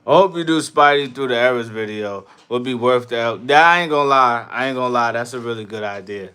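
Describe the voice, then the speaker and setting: A man hosting a casual livestream, reading chat and riffing loudly with profane jokes, from New York. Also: mid-range voice, a little fast, clear, resonant tone. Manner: loud, profane, laughing riffs.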